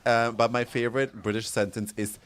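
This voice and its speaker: A man's voice: mid-range voice, flat delivery, a little fast, a bit bright, clean tone. A man streaming a game, chatting casually and giggling as he reacts to chat messages.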